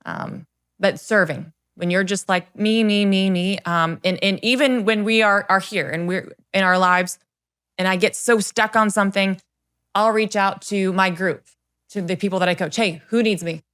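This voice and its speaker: The clean, medium-pitched voice belongs to a middle-aged woman, a confidence coach guesting on a podcast. At a moderate pace she recounts personal stories with animated sincerity, putting on the voices of the people she quotes.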